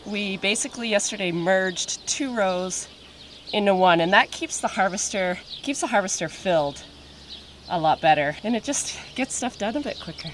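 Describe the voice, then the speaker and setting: A woman's voice: medium pitch, expressive, moderate pace. A woman farmer chatting casually to a handheld camera outdoors while doing chores on her farm. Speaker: farmer and vlogger. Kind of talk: casual vlog chat to camera. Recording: clear outdoor farm noise.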